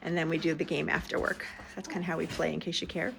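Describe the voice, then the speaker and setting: Woman, co-host, chatty, gravelly voice, noisy background. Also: sits low, little pitch movement, quick pace. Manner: chatty, explaining their routine. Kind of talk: casual chat.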